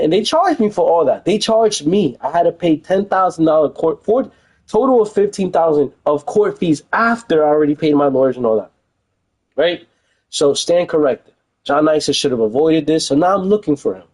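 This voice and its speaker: A man's voice: fairly high pitch, expressive, normal speed, a little mellow, rough recording. A young man streaming from home, talking in a heated, emphatic casual rant and repeating phrases for stress. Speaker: livestreamer.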